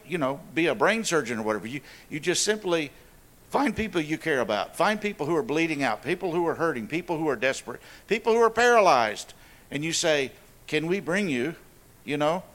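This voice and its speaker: A man's voice: a little high, fairly bright tone. A man giving an earnest, emphatic sermon in an informal style, with repeated phrases and personal asides. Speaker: church staff member preaching.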